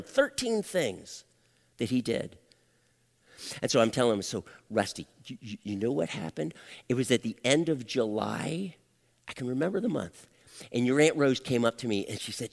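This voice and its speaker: Older man preaching in a church, lively swooping voice with long reverb; storytelling sermon, hushed to loud. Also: mid-range voice, vocal fry. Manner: emotional, dramatic swings from hushed to loud. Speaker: pastor.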